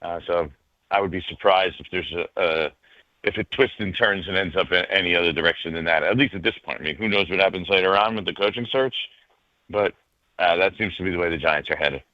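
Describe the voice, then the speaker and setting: Low-voiced reporter on a dull line. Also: male voice, brisk, dry recording. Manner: hesitant, ribbing, filler-heavy. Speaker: sports reporter guest. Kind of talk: casual radio interview. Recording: dull dry remote line.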